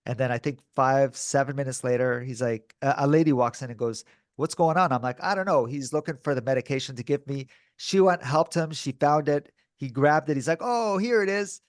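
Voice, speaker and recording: A man co-hosting a podcast in casual chat, telling a story in a lively way and acting out the voices of the people in it, often saying dude and bro. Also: mid-range voice, a little fast, few pauses, no room sound, clean studio sound. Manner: animated, acts out quoted dialogue. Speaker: podcast co-host.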